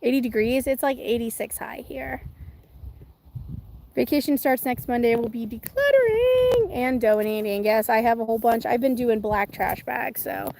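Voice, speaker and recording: Slight background noise sits under a woman's slightly high, gravelly, darkish voice at a moderate pace. The channel's host and a mother of twins, she streams casually from home with chickens nearby, rambling with viewers, reading comments, and often using fillers and starting over.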